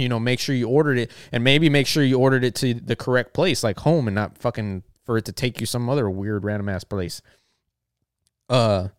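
A man's voice: medium pitch, clear, resonant tone, no echo, clean studio sound. A man who works as a bartender telling a story as a rambling, profane rant full of filler words.

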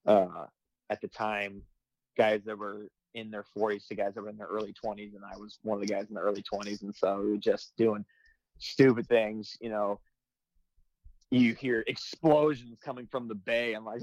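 A man in his twenties, a firefighter and comedy video creator, chatting casually and breaking into loud quoted voices as he tells stories. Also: lowish voice, moderate pace, dry recording, rough recording. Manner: animated storytelling, jumps into loud quoted voices. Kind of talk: casual podcast chat.

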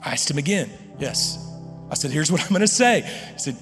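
A man's voice: a little high, lively intonation, fast talker, big-room sound, music in the background. A middle-aged man preaching a sermon, telling a family story with frequent restarts and quoted dialogue. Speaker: pastor.

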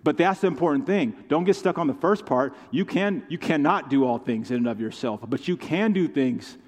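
In a reverberant church sanctuary, a male pastor delivers an impassioned sermon with call-and-response. His voice is fairly high and expressive, and he speaks at a normal speed.

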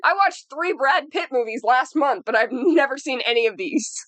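A woman's voice: high voice, expressive, normal speed, a bit bright, no echo. A woman co-hosting a casual podcast chat, blunt and dry, swearing freely. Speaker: podcast co-host.

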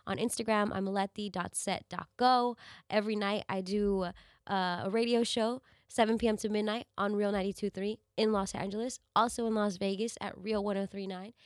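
A woman's voice: medium pitch, no room sound. Woman host, congested and nasal from a cold, candid casual delivery, dry studio sound. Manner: candid, profane, chatty. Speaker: podcast host and radio DJ. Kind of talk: casual solo podcast talk.

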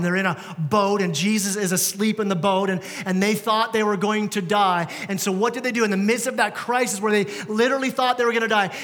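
The long reverb of a church hall surrounds a high-voiced male pastor as he preaches a sermon in the sanctuary. His tone is a bit bright, and his manner conversational as he puts rhetorical questions to the congregation.

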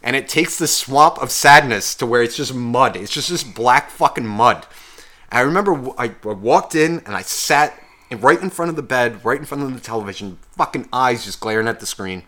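A man's voice: mid-range voice, lively intonation, moderate pace, pushed and bright. Profane, heated young man ranting. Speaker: podcast co-host. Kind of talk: casual podcast rant.

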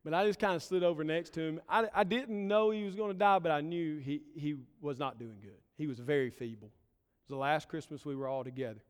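A man preaches in a slightly high voice, earnest and building his points in short, emphatic phrases. His sermon rings out with the long reverb of a church sanctuary. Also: a little fast, smooth. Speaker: pastor.

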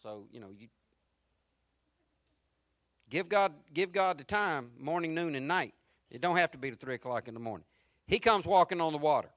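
A man preaching a sermon, moving from quiet, reflective lines to loud, repeated build-ups. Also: a little high, animated, normal speed, long pauses, dry recording, studio quality. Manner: swings from quiet to rising, repetitive preaching. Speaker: pastor.

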